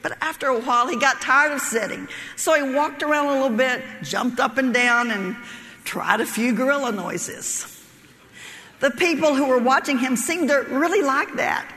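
Brief: woman preacher, high and bright, folksy storyteller, long hall reverb. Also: moderate pace. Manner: folksy storytelling, laughs at her own jokes. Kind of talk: sermon with a joke story.

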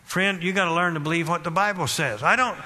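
A man preaching a sermon with fervent, repetitive exhortation that rises to loud emphasis. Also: fairly high pitch, fast talker. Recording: long hall reverb.

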